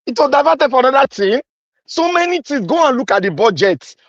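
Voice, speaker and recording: A commentator with a Nigerian accent goes on an angry, accusing political rant, repeating himself and mixing in pidgin. His voice is very high and sing-song with a brisk pace, and the audio is dull with no room sound.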